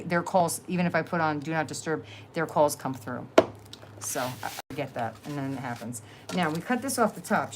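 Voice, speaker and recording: Chatty New Jersey woman, lowish voice. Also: noisy background. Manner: chatty, rambling, laughs often. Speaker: crafting livestream host. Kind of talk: casual live-stream chat.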